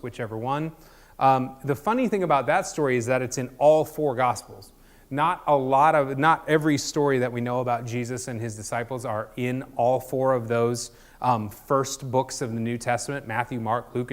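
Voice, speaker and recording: Casual joking pastor. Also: male voice, mid-range voice. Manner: conversational, jokey, many ums and restarts. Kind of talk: casual sermon.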